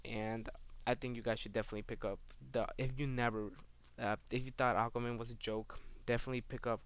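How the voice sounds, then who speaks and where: A man talks through a comic book issue in a relaxed video review, rambling from one scene to the next. His voice is smooth and clear but stays flat, with little rise and fall. He fills his pauses with "um" and "like". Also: medium pitch. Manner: rambling, heavy on fillers like "um" and "like".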